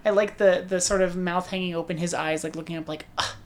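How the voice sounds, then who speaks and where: A woman co-hosting a casual film podcast, animated and laughing often as she acts out lines from a movie. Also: lowish voice, fast, a little hiss or hum. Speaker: podcast co-host. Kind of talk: casual film discussion chat.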